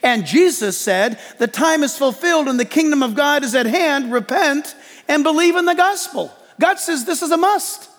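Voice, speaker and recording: A male pastor preaching a lively sermon in church, joking and acting out quotes as he goes. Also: very high-pitched, normal speed, in a large hall. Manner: animated preaching with jokes and acted-out quotes.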